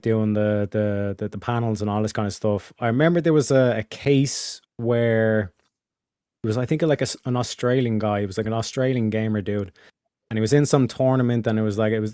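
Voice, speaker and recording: A man's voice: on the low side, a little mellow, smooth, no room sound, clean studio sound. A man chatting casually as a streamer host, rambling with lots of fillers, restarts and casual swearing. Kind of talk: casual chat.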